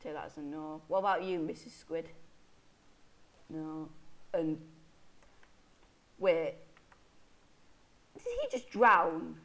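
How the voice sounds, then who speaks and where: A woman's voice: sits low, lively intonation, slow pace, pauses often, a bit bright, rough recording. A woman commentating her Minecraft play in a chatty, self-mocking way, hiccuping as she talks. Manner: chatty, self-deprecating, talks to in-game animals. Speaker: Minecraft let's player. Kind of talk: casual gameplay commentary.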